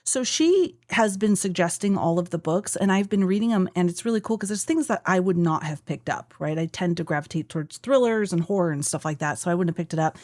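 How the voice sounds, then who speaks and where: A woman's voice: lowish voice, animated, brisk, hardly any pauses, a little mellow, dry recording, clean studio sound. A woman co-hosting a podcast, chatting casually and enthusiastically about shows and books she has watched and read. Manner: chatty, enthusiastic, mimics others with silly voices. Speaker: podcast co-host. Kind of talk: casual chat.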